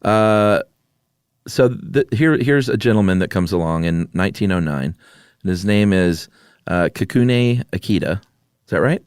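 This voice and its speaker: A man co-hosts a podcast in relaxed conversation, easygoing and drawling, with plenty of "uh" fillers. His voice sits low for a man. The recording is dry and close-miked. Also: normal speed, clean tone, dry recording. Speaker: podcast co-host. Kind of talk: casual chat.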